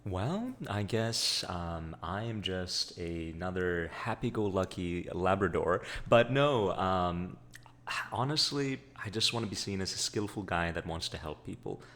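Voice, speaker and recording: Deep-voiced man, Sri Lankan-tinged accent. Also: measured pace, a bit bright. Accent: slight Sri Lankan-tinged accent. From Bay Area, California. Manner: upbeat and chatty, with many fillers. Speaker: guest, staffing consultant. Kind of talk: casual radio interview.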